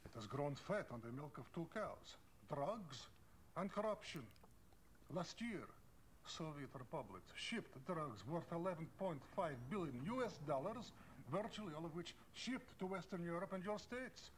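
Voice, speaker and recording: A man's voice: a little high, animated, normal speed, a little hiss or hum, lightly acted. A man playing a stiff Russian-accented officer. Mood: formal. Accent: put-on Russian. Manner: stiff, formal, rolls every R. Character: formal male Russian intelligence officer.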